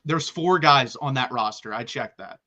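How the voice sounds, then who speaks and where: A man with a bright, forceful voice talks college football in a casual chat. He is excitable and rapid-fire and keeps restarting his sentences. His pitch sits mid-range for a man. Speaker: college football podcast co-host.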